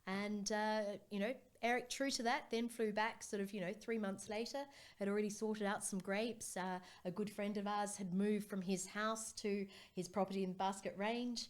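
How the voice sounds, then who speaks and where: A woman's voice: mid-range voice, steady tone, normal speed. An Australian woman in her forties, a guest winemaker, chatting casually in a studio and telling rambling anecdotes. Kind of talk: casual podcast chat.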